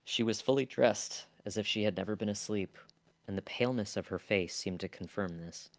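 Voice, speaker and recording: A man with a very low voice reads a classic novel aloud for his livestream, stumbling over wording and restarting lines now and then. He is recorded close to the mic, so the sound is completely dry, with no room echo at all. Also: brisk, creaky. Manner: casual reading with stumbles and blunt asides. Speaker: streamer.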